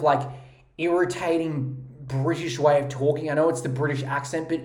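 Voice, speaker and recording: Man, podcast host, profane mocking rant, high-pitched, roomy echo. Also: fairly even intonation, moderate pace. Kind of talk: ranting comedic commentary. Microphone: podcast mic.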